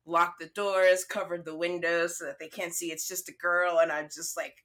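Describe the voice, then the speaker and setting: A young woman spins a story in casual chat, cursing freely and acting out her own lines. Her voice is bright and forceful, sitting a little low. She talks casually throughout. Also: normal speed. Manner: profane, animated storytelling.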